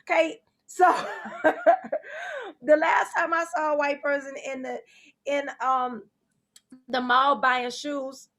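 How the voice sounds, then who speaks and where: High-pitched, animated comedy host woman. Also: slow, long pauses. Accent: New Orleans. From New Orleans, Louisiana. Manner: animated, laughing through jokes. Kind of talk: stand-up comedy hosting.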